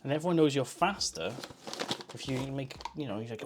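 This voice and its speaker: A man's voice: mid-range voice, lively intonation, brisk. A man chatting casually on a live stream, joking and answering chat while he makes coffee.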